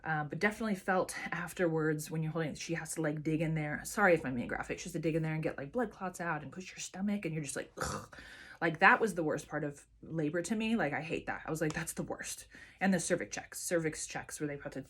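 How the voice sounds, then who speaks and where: A woman's voice: low-pitched, quick pace, few pauses, fairly bright tone, husky. A woman vlogger chatting casually to camera and telling a personal story with lots of fillers and restarts.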